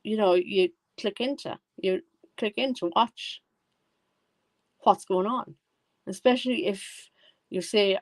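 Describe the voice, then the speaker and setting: A woman's voice: medium pitch, slow pace, pauses often, no echo. A woman hosting a live stream. She comments casually, rambles and corrects herself as she goes. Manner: rambling, self-correcting, chatty. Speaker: live-stream reaction host.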